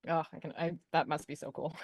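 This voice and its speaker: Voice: mid-range voice, flat delivery, brisk. A player at a tabletop game telling a rambling story in casual chat.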